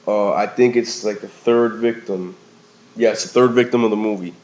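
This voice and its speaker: A man's voice: lowish voice, fairly even intonation, moderate pace, a little mellow. A man giving a casual, rambling movie review in slangy talk, often calling the listener "man" or "bro". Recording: slightly dull lo-fi recording.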